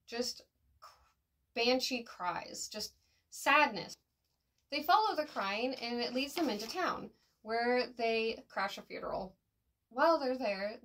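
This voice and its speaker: A woman's voice: fairly high pitch, a bit bright. A woman giving a casual, slangy spoken review, with fillers and a laugh at her slips. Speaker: manga reviewer.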